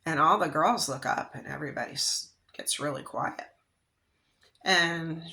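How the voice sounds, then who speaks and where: A woman tarot reader gives a casual psychic reading, rambling conversationally with frequent check-ins and fillers. Her voice is low and sharp-toned, very animated at a normal speed.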